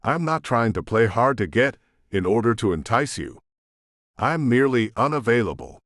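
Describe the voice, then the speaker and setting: A male narrator voicing a guarded, businesslike young woman on a phone call, crisp and formal. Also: medium pitch, sing-song, normal speed, fairly bright tone, no room sound, studio quality.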